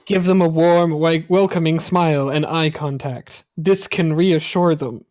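A woman's voice: low-pitched, steady tone, a little slow, a little mellow. A woman co-hosting a comedy podcast, reading a how-to article aloud in a mock-earnest way and breaking into laughter. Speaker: podcast co-host.

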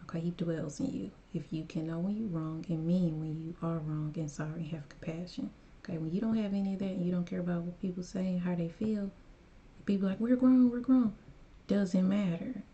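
A woman's voice: fairly low pitch, fairly even intonation, a little fast, dark tone, lo-fi sound. A woman hosting a reaction video, speaking to her viewers in a casual way and giving emphatic, preachy advice. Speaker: reaction channel host.

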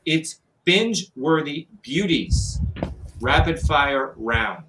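A man hosting a trivia game show, upbeat and guessing quickly with stumbling restarts. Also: on the high side, lively intonation, fairly bright tone, low-quality recording.

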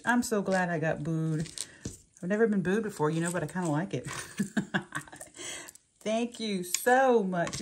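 A woman's voice: on the low side, darkish tone. A woman chatting through a craft unboxing, gushing and giggly. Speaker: crafting vlogger. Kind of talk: casual unboxing chat. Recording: clear background noise, paper crinkling.

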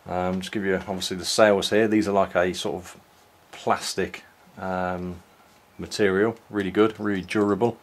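A man casually walking through a toy set, unhurried, with many ums and restarts. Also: deep voice, flat delivery. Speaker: toy reviewer. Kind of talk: casual product walkthrough.

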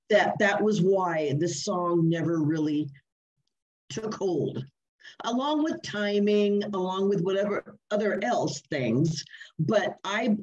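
A woman's voice: on the low side, a little mellow, highs cut off. An older woman, a singer, chatting casually and playfully as a guest in an interview.

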